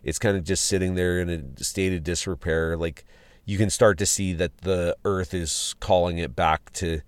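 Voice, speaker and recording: Deep-voiced man recounting a trip. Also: fairly even intonation, normal speed, clear, resonant tone, no echo. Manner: rambling, with restarts and fillers. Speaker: podcast host. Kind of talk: casual spoken travel log. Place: outdoors at a ghost town site.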